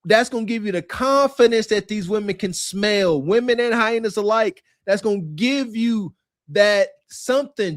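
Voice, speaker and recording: A man's voice: high-pitched, no echo, studio quality. A man co-hosting a podcast in casual commentary, preachy and emphatic, laughing often. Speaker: podcast co-host.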